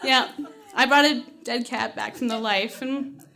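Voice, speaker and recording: A woman's voice: fairly high pitch, fairly even intonation, unhurried, vocal fry, very noisy. A woman telling a personal story on stage at a live storytelling night, casual and salty, often laughing as she goes.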